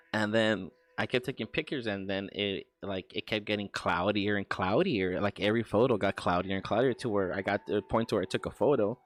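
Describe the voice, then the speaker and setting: A man's voice: fairly low pitch, no room sound. A man casually telling a ghost story while streaming, swearing often and stumbling into restarts. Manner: profane, halting, many stammered restarts.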